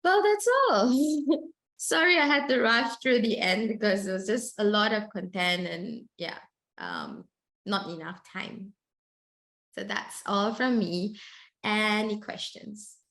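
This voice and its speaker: A woman's voice: medium pitch, animated, slow pace, fairly bright tone. A woman, a clinical psychologist, giving a webinar presentation who often ends her points with a tag question and laughs briefly mid-sentence.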